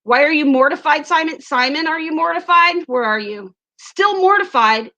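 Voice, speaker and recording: A woman's voice: high-pitched, normal speed, pushed and bright, lo-fi sound. A chatty woman with an Ozarks accent who hosts a casual livestream, giggling often and reading viewer comments aloud into a webcam mic. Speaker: livestream host.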